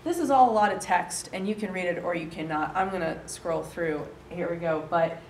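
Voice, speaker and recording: Woman presenter, animated and joking, low voice, heard from a distance in an echoey room. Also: moderate pace. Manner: chatty, joking, animated, laughs often. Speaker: coworking space director pitching to an audience. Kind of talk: lively presentation. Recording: roomy and distant with faint noise.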